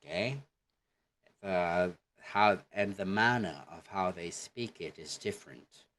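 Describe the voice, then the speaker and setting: Slow, deep-voiced man teaching pronunciation. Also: a bit bright, slight background noise. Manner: patient, repeats example phrases slowly for learners. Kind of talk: online language lesson with repeat-after-me drills.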